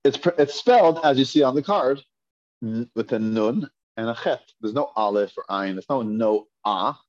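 A man's voice: mid-range voice, expressive, normal speed, a little mellow. A man teaching a Hebrew reading lesson, patiently repeating and drilling each pronunciation for his students. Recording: dull lo-fi classroom recording.

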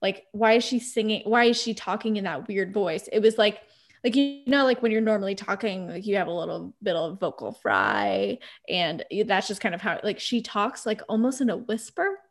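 A woman's voice: mid-range voice, expressive, moderate pace. A young adult woman from Texas, a podcast guest in casual chat, rambling along with many "like"s.

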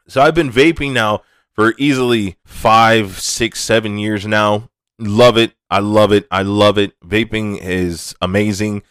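Young adult man, podcast host, low voice, rambling and candid, dry close sound. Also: moderate pace, a bit bright, clean tone, no echo. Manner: rambling, candid, frequent restarts and swearing. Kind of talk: casual monologue.

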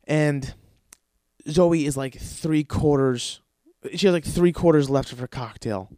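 A man hosting a podcast, telling long rambling stories in a casual, profane way, often breaking into high-pitched voices to act out other people. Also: a little slow, warm tone, no room sound, studio quality. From lives in Los Angeles. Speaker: podcast host. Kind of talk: casual storytelling monologue.

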